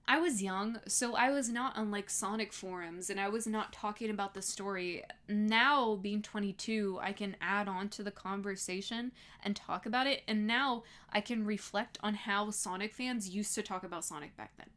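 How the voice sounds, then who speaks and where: A woman's voice: mid-range voice, moderate pace, few pauses, fairly bright tone. A twenty-two-year-old woman ranting heatedly and casually as a livestreamer, swearing often and laughing between lines. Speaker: streamer reading chat.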